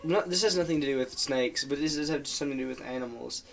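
A man's voice: medium pitch, fast talker, vocal fry, fairly bright tone, slight background noise. A young man co-hosting a casual podcast, teasing his friend with exaggerated jokes. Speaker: podcast co-host. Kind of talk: casual chat.

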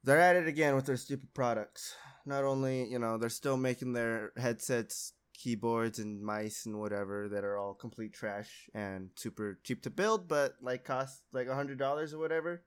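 A man's voice: mid-range voice, normal speed, smooth. A young man hosting a casual podcast, rambling in a laid-back way and laughing often. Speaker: podcast host.

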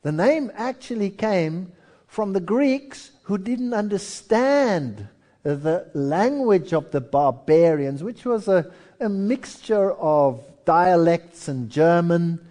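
A man's voice: high voice, takes it slowly. A male preacher delivering a sermon in a storytelling way, acting out voices as he tells history. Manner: storytelling, animated, acts out voices.

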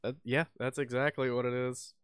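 A man's voice: mid-range voice, flat delivery, moderate pace, a bit bright, smooth, no room sound, clean studio sound. A young man co-hosting a podcast in casual chat, rambling with lots of fillers and restarts and swearing freely. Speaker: podcast co-host.

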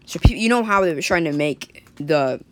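A woman's voice: low voice, expressive, moderate pace. A woman telling an improvised story in a rambling way, full of likes and restarts. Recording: faint background noise.

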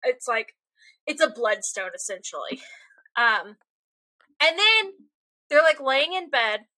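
A young woman co-hosting a podcast, chatting casually in an animated, rambling, self-deprecating way. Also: a little high, a little slow, dry recording. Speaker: podcast co-host. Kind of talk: casual chat.

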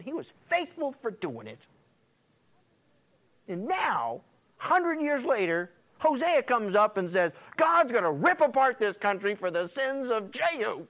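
A man preaching a sermon, reading scripture aloud and reacting to it with asides and jokes for his congregation. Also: high voice. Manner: animated, quips and laughs with the congregation. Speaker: pastor.

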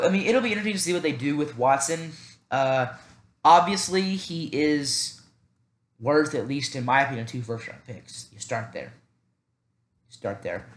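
A young man from the American South with a Southern accent, hosting a solo sports podcast on a cheap headset and talking fast, animated and rambling, with many restarts. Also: on the high side, roomy sound. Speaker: podcast host. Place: at home by a computer.

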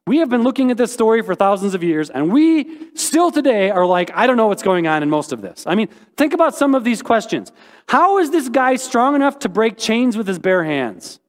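A man preaching a sermon as a pastor, animated and joking, with sudden high exclamations. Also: brisk, big-room sound.

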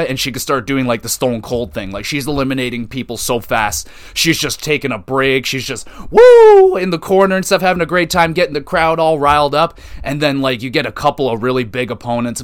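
A podcast host rambles through a casual wrestling recap, full of eager enthusiasm and quick bits of quoted voices. His mid-pitched voice is slightly bright, close and dry on the mic, with no echo.

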